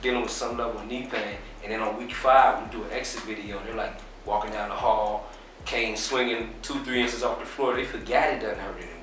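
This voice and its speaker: A man being interviewed, explaining his business in a relaxed, casual way with plenty of fillers. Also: fairly low pitch, brisk, recorded from a distance, slight background noise. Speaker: interview guest, business owner. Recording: very echoey room, off mic.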